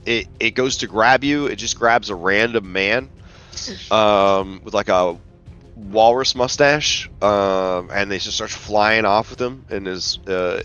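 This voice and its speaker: A man's voice: fairly low pitch, a bit bright, clean tone, dull audio. A man narrating as game master of a tabletop game, rambling casually with lots of fillers.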